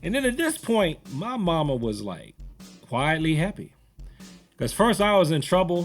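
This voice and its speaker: Forties male instructor, animated storyteller with a lively voice, faint music underneath. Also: on the high side, normal speed. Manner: animated, conversational, rambling. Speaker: martial arts instructor. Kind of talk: storytelling commentary.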